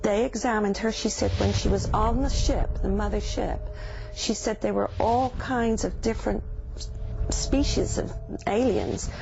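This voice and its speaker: An older woman from England, telling her own experiences in an earnest, halting way with pauses. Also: medium pitch, vocal fry. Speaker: interviewee. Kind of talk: recounting personal experience. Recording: muffled news audio with music bed.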